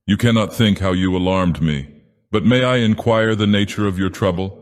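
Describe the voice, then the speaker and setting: A man voicing a middle-aged gentleman who talks in a soothing, persuasive, genial manner. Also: deep voice, normal speed, close to an everyday voice. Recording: long reverb.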